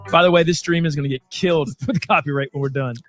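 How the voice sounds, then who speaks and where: A man co-hosting a casual music stream, excitable and playful, quick to apologize. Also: on the high side, no echo. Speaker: co-host. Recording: music playing behind.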